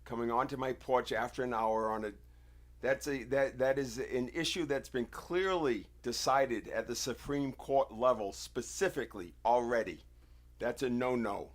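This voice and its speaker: A man from the United States speaks straight to his livestream audience in an insistent, lecturing monologue. He leans on his words with deliberate emphasis and a confrontational edge, his voice sitting at an ordinary mid pitch. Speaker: livestream host.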